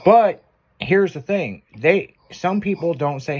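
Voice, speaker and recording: Guy hosting a radio-style show, swearing a lot, voice jumps all over, kinda high. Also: expressive, slow pace, darkish tone. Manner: crude, laughing, storytelling. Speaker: show host. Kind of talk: casual profane chat show banter.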